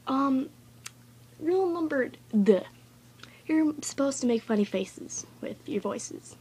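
A woman's voice: high voice, lively intonation, slow pace, mellow, slight background noise. A woman recording a casual, rambling tutorial vlog in her bedroom, chatty and goofy and easily sidetracked. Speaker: vlogger.

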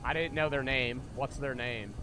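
List: young male streamer, casual, profane, mid-pitched voice, game music behind. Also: fairly even intonation, moderate pace. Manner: casual, profane, chatty with viewers. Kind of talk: live gameplay commentary.

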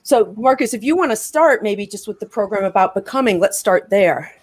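A woman's voice: mid-range voice, animated, fairly quick, slightly rough, no echo. A woman hosting a casual talk show over a video call, upbeat and laughing often. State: out of breath. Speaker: host.

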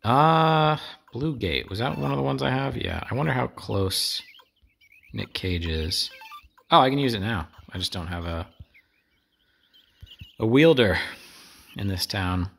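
A man's voice: fairly low pitch, lively intonation, normal speed, gravelly, pauses often, breathy edge. A man giving casual, rambling commentary while playing a video game, with wry asides to his viewers. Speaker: gameplay streamer. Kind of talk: casual let's play commentary.

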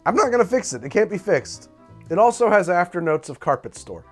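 Male cocktail-show host, bright upper register, very animated delivery, dry and foul-mouthed humor. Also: high-pitched, a little fast, faint music behind. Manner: animated, profane, wry and self-mocking. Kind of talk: comedic bartending tutorial.

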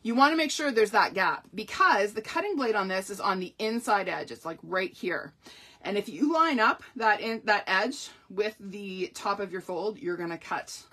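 Chatty woman crafting host, husky voice. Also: mid-range voice, lively intonation, normal speed, pushed and bright. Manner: chatty, upbeat, self-deprecating asides. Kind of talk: live card-making demonstration.

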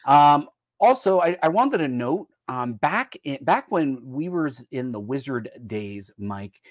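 A man's voice: medium pitch, sing-song, a little slow, no echo, studio quality. An American man hosting a casual live-stream chat, talking in a rambling way and jumping between topics mid-sentence. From United States. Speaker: host.

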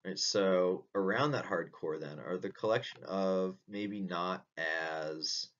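In a recorded philosophy lecture, a man with a low, slow, fairly bright voice explains things step by step, often checking in with "right?" The audio is dull, distant and lo-fi.

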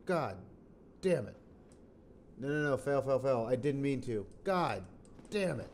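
A man's voice: mid-range voice, lively intonation, measured pace, a little mellow, a little hiss or hum. A man hosting a let's play, rambling through casual gameplay commentary, thinking aloud and bursting into exclamations and curses.

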